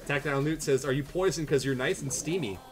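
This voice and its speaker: A man's voice: fairly high pitch, quick pace, soft background music. A man, livestreaming a tournament, reading viewer jokes aloud and casting matches in a playful, self-mocking way. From Canada. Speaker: tournament streamer and caster. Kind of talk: casual livestream chat and game commentary.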